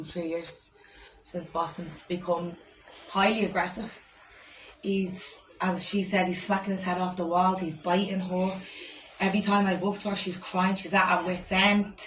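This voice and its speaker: Worried woman speaking quietly. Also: lowish voice. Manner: worried, subdued. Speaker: sister of the mother. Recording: echoey room, faint noise.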